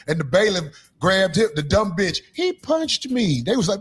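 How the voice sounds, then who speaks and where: Husky high-voiced man on an angry rant. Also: lively intonation, moderate pace, hardly any pauses, faint music behind. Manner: loud, profane, sing-song rant. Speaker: comedian.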